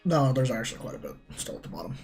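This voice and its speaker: Woman streamer, crude joker, animated pitch, casual livestream chat. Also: racing, soft background music. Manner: crude, joking, swears often. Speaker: streamer playing a courtroom game. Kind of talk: casual livestream chat, reading game text aloud.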